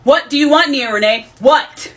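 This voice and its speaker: A woman voicing an angry mother who yells and scolds in a harsh, dismissive way. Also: high voice, moderate pace, soft background music, pitched above the performer's own voice, close to an everyday voice. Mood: yelling, scolding. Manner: yelling, scolding.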